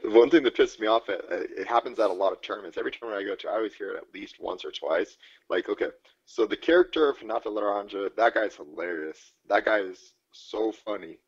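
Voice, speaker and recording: A man's voice: on the low side, quick pace, slightly rough, highs cut off. A man co-hosting a podcast in rambling, profane casual chat, laughing often. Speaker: podcast co-host.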